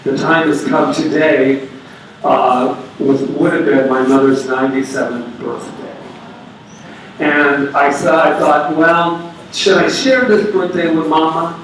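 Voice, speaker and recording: A man giving an animated, conversational sermon as a minister, with playful asides. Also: a little high, slow pace, far from the mic, a little hiss or hum. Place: church sanctuary. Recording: very echoey hall, voice from afar.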